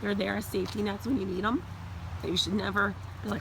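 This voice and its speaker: A woman dog trainer talking casually while working her dogs off leash outdoors, now and then calling them loudly. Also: mid-range voice, steady tone, fast, vocal fry. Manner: chatty, loud recall calls to her dogs. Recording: noisy outdoor recording. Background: dogs playing.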